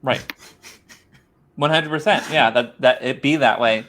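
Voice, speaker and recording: A man hosting a casual podcast, recapping scenes in a relaxed, loose way. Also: medium pitch, measured pace.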